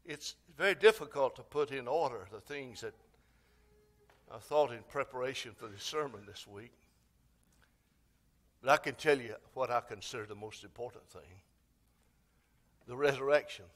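A man's voice: mid-range voice, normal speed, long pauses, fairly bright tone. A man preaching an Easter sermon, with dramatic swells and phrases half sung and stretched out. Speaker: pastor. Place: church sanctuary.

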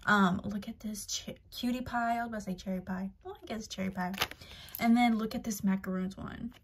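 A woman's voice: medium pitch, fairly even intonation, fairly quick, heavy background noise. A young woman vlogging in a chatty, playful way, calling her viewers girl. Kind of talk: casual vlog chat.

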